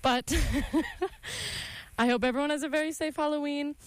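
A woman's voice: high voice, steady tone, fast, no echo. A young woman hosting a college radio show, chatting casually and laughing often. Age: young adult. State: out of breath. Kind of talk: casual chat.

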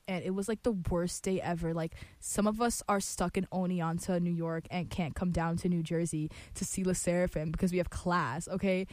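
A woman's voice: fairly low pitch, no room sound. A young woman hosting a music show, chatting casually and bubbly with lots of fillers. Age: young adult. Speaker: college radio host.

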